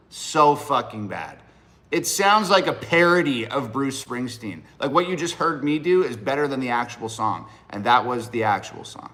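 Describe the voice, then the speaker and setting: A man's voice: mid-range voice, expressive, moderate pace, a bit bright. Blunt, profane man on a livestream. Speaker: livestream host and rapper. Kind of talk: casual livestream chat.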